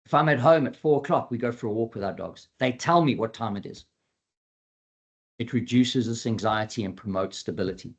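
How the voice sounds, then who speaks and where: A dog behavior trainer gives an earnest educational webinar talk in a brisk, medium-pitched male voice. He repeats his key points and acts out quoted dialogue in a lively way.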